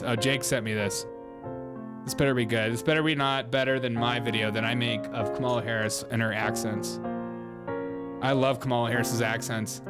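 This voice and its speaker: Man, livestream host, mocking commentary, loud, background music. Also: medium pitch. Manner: loud, mocking, laughs often. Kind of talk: comedic political commentary.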